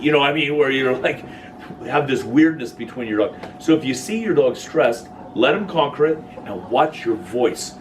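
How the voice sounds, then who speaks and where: A man's voice: medium pitch, expressive, moderate pace. A man leading a dog-training workshop in an informal, jokey lecture, acting out quoted voices as he talks. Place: workshop room with listeners. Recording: distant voice with clear background noise.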